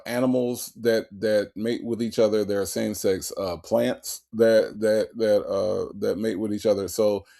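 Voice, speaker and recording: A man hosting a casual live stream, reading viewer chat and commenting bluntly with coarse language and frequent laughter. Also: lowish voice. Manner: animated, blunt, profane, laughs often. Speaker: livestream host.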